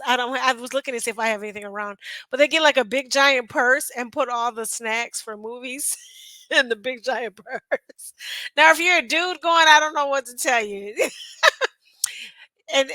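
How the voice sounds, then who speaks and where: Bright high-voiced woman chatting. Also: normal speed, no echo, rough recording. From northern United States. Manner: chatty, laughing asides, talks to viewers. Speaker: reaction video host. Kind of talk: casual chat to camera.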